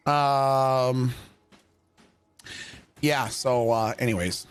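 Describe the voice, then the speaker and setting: Male streamer, slightly high voice, casual profane storyteller, faint background music. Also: normal speed, no echo. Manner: profane, laughing, swings into loud shouted impressions. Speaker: livestreamer. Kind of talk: casual storytelling while gaming.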